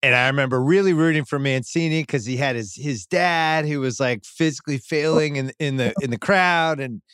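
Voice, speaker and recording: Smooth-voiced podcast host man. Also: on the high side, normal speed, fairly bright tone, no echo, studio quality. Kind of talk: casual interview chat.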